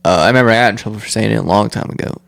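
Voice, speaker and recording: A man's voice: fairly low pitch, rapid-fire, vocal fry, fairly bright tone. A man hosting a podcast, chatting casually in crude, laughing banter. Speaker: podcast host. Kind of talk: casual chat.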